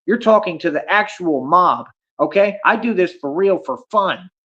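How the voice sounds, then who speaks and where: Streamer, man, fairly high voice, cocky and confrontational, muffled lo-fi audio. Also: lively intonation, normal speed, pushed and bright. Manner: boastful, confrontational, slangy. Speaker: livestreamer. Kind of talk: livestream rant at chat.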